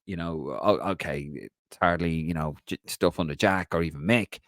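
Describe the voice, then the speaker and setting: A low-voiced man hosts a relaxed solo live stream and talks in a rambling, chatty way. He greets viewers and reads out their comments, and the sound is dry and close to the mic. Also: normal speed, no echo. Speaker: podcast host.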